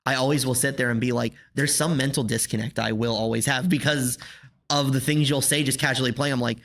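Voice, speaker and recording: A man's voice: mid-range voice, steady tone, fairly quick, creaky, a bit bright. A man on a gaming podcast in casual chat, jokey and self-deprecating. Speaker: podcast guest.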